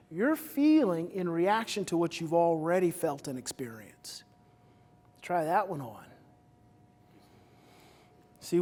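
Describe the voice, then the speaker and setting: A man giving a live talk to an audience, energetic and repetitive, with loud emphatic bursts. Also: high voice. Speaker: speaker on stage. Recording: reverberant hall.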